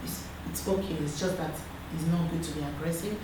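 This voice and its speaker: A woman in her thirties with a Nigerian accent, chatting earnestly as a guest and giving advice in a lively, storytelling way. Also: low voice, a little fast. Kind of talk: casual chat. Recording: roomy echo, far from the mic, background noise.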